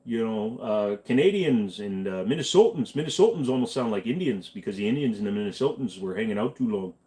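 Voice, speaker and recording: A man's voice: lowish voice, lively intonation, fairly quick, mellow. A man hosting a casual livestream chat, rambling in a laid-back way with lots of fillers. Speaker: host.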